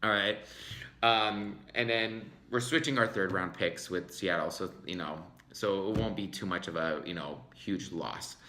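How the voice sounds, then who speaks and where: A man hosting his own sports fan vlog, talking casually to camera with excitable, dramatic swings between loud outbursts and quiet asides. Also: deep voice, measured pace, slight background noise.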